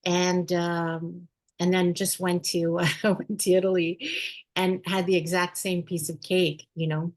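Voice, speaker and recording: Flat, low-voiced woman telling a story. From Montreal, Canada. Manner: halting, with restarts. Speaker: workshop participant. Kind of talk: casual anecdote.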